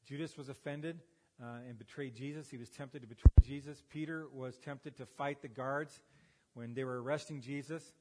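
A man's voice: mid-range voice, steady tone, normal speed, mellow, long reverb tail, slight background noise. A man in his fifties, a pastor, preaching a sermon with folksy stories and self-deprecating humor. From United States. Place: church sanctuary. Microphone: handheld or headset microphone.

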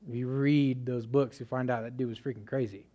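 A man's voice: mid-range voice, steady tone, brisk, dark tone, dull audio. Casual storytelling male preacher. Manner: conversational storytelling with many "like" fillers. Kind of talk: casual sermon testimony.

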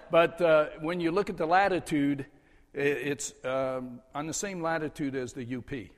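An older man, a departing pastor, gives a farewell address from the pulpit in a slow, halting way, with many "uh" fillers and small chuckles. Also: a little high, steady tone. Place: church sanctuary. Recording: long church reverb.

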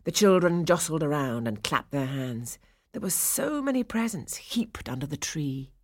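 Low-voiced woman narrating a storybook. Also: no room sound, clean studio sound. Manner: expressive, measured storytelling.

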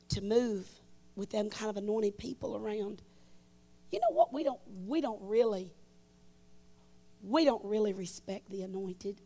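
A woman telling stories in a sermon at a conference, shifting between loud bursts and hushed asides. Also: medium pitch. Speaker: conference speaker. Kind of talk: storytelling sermon. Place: large conference hall.

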